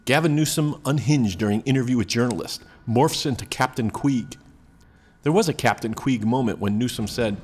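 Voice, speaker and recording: A man's voice: mid-range voice, normal speed, slight background noise. A man reading a news commentary article aloud as narrator, with a dry, wry delivery.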